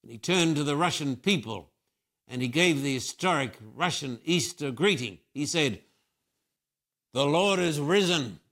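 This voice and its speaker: A man's voice: mid-range voice, lively intonation, normal speed, a bit bright. An older man, a Christian preacher answering questions with emphatic, repetitive preaching. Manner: emphatic preaching with repeated phrases. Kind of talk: fervent spiritual interview answers.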